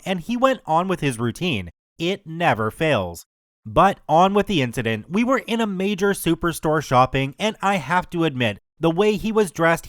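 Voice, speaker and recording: Guy reading a reddit story, bouncy animated voice, dead dry mic. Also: fairly high pitch, no room sound. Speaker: narrator. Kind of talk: scripted narration of a reddit story.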